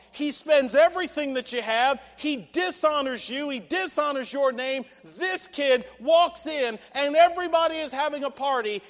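A man preaching a sermon, emphatic, putting rhetorical questions to his congregation. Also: very high voice. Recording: reverberant church hall.

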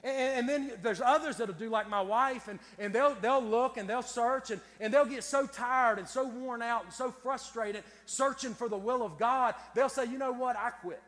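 High-voiced pastor in a hall. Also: male voice, normal speed, hardly any pauses, fairly bright tone. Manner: folksy storytelling with Southern country speech. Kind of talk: sermon.

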